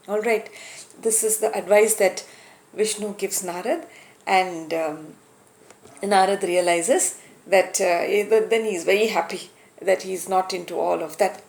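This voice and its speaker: A woman telling a story and explaining its lesson, animated and a little hesitant. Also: mid-range voice, a little slow, gravelly, roomy sound. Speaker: storyteller and teacher.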